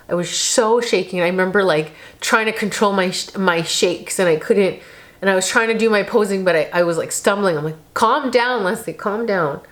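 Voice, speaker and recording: A woman in her thirties talking casually to the camera in a vlog, chatty and emotional, often saying "like". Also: lowish voice. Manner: chatty, emotional, uses lots of "like". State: tearful, on the verge of crying. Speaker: vlogger.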